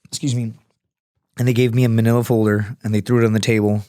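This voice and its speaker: A man who is a podcast guest, telling stories in a casual, profane and animated way, acting out other people's voices as he goes. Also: mid-range voice, fast, no echo, clean studio sound. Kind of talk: casual storytelling. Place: podcast studio.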